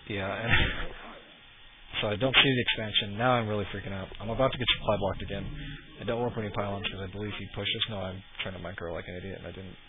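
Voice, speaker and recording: A man casually commentating his own match replay, relaxed and self-critical, with lots of ums. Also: on the low side, quick pace. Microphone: cheap desk mic. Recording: tinny lo-fi mic with loud noise.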